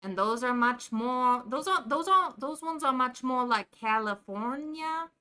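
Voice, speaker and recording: A woman's voice: high voice, expressive, measured pace, bright, forceful tone, smooth. A woman streamer chatting casually while gaming, teasing the characters in a put-on Jersey accent. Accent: put-on New Jersey. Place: indoor room at home.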